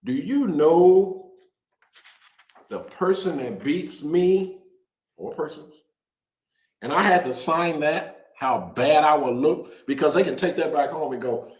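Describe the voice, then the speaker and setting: Animated joking man in an echoey room. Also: fairly high pitch. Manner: animated, joking, trash-talking with drawn-out emphasis. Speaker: host. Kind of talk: casual direct-to-camera promo talk.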